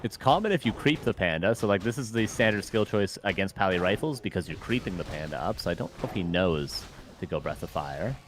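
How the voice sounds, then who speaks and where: A man giving analytical, measured live commentary on a strategy game match. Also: sits low, animated, faint music behind. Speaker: esports commentator.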